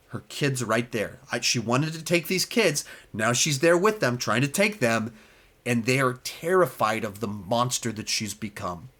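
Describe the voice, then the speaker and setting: A man giving a casual spoken film review, animated and emphatic, with many fillers and restarts. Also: mid-range voice.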